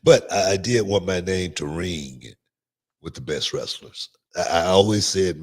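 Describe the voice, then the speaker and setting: A middle-aged man, a former wrestler co-hosting a podcast, talking casually in a halting way with many "you know"s. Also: low voice, slightly rough. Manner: relaxed, halting, heavy use of "you know". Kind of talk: casual chat.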